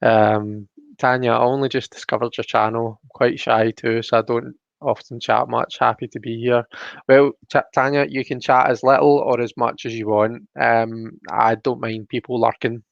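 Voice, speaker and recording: Male stream host, gravelly, chatty, dull dry home-mic sound. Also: mid-range voice, level tone, normal speed, dry recording. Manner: chatty, greets viewers by name, reads chat aloud. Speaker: livestream host. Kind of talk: casual live-stream chat.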